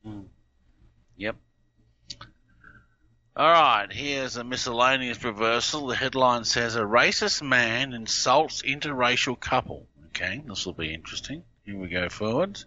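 A man with a non-American accent hosting a casual chat, relaxed, chuckling and trailing off into fillers. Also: medium pitch, measured pace. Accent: non-American English. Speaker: podcast host. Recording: dull lo-fi audio.

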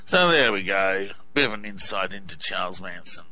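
A man's voice: deep voice, animated, normal speed, bright, forceful tone, poor audio. A man with an Australian accent casually commenting on clips, hesitant and full of ums and uhs. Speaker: video host.

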